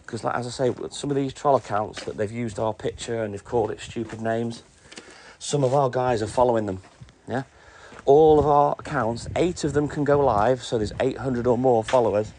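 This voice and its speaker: Over slight background noise, a middle-aged man speaks at a normal pace in a dark, mid-range voice. He's a self-employed milkman doing his night delivery round, casually live-streaming as he greets viewers and replies to comments between stops.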